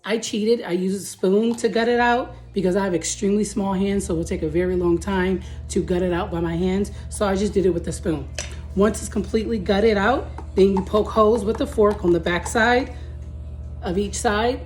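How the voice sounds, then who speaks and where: Chatty Southern woman from Texas, mid-pitched, casual cooking host, music under her voice. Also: steady tone, normal speed, darkish tone. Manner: chatty, upbeat, talks viewers through each step.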